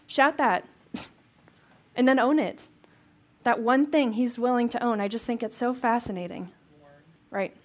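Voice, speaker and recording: Chatty woman teaching a Bible passage. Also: a little high. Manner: conversational, chatty asides and rhetorical questions.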